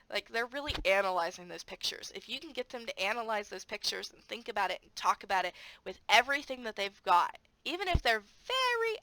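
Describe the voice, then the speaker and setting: Bright chatty teacher lady, dry close mic, lots of ums and little boop sound effects. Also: medium pitch, no echo, poor audio. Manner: animated, acts out classroom moments with sound effects; frequent fillers, friendly and chatty. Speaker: online English teacher. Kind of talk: casual advice vlog.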